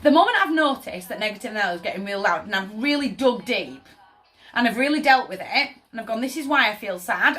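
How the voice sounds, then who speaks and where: A woman with a fairly high, fairly bright voice does a casual tarot reading. Chatty and emphatic, she regularly asks her listener "does that make sense?"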